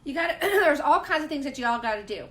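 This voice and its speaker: A woman's voice: sits high, lively intonation, quick pace, bright, forceful tone. A woman hosting a casual live business coaching chat, speaking directly and emphatically to her viewers. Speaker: host.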